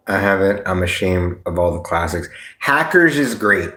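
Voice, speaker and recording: A man hosting a casual livestream, rambling and excitable, swearing freely. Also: deep voice, moderate pace, reverberant. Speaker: livestream host.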